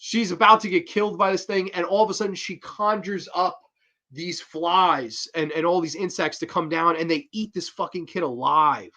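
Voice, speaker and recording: A man hosting a horror film review show, excitable and profane, acting out quotes as he recaps. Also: sits high, normal speed. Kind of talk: casual film review monologue.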